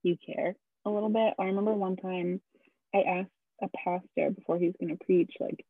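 A woman's voice: fairly low pitch, steady tone, brisk, slightly rough, dry recording, narrow, tinny audio. A woman co-hosting a podcast, chatting casually in a reflective, encouraging way. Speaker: podcast co-host. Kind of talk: casual chat.

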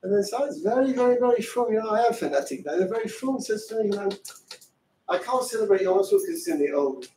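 A man's voice: high-pitched, animated, quick pace, background noise. Rabbi going full fire and brimstone on his class, mic a ways off, echoey room. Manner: fervent, emphatic, full of rhetorical questions. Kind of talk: impassioned Torah lecture. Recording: roomy hall, distant mic, faint ambience.

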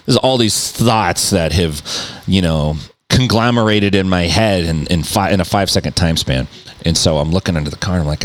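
A middle-aged man, a podcast host, telling a story in a loose, animated way, full of swearing and mouth sound effects. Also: deep voice, normal speed. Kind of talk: casual storytelling.

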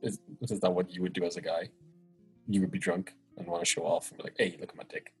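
A woman with an Irish accent in casual chat, teasing in a dry, deadpan way. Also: rumbling low, fast, husky, faint music behind.

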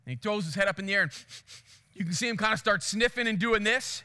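A male pastor telling a story in a sermon, animated, acting out voices and sounds. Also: sits high, fast talker, smooth, long reverb tail.

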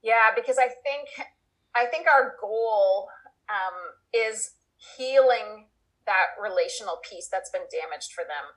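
A middle-aged woman appears as an expert guest answering interview questions, thoughtful and explaining through long everyday examples where she acts out quotes. Her mid-range voice is expressive, slow, and a bit bright, though the audio quality is poor.

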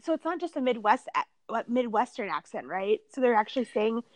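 A woman's voice: a little high, big pitch swings, fairly quick, no echo. A young woman from southern Minnesota co-hosting a casual chat, asking curious questions with lots of fillers. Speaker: podcast co-host.

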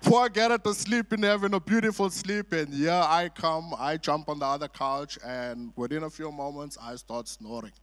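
This sermon comes from a middle-aged man preaching as a guest in a church sanctuary, his voice a little high and a bit bright. He moves at a moderate pace with hardly any pauses, spinning chatty stories with jokey asides and plenty of "uh" fillers.

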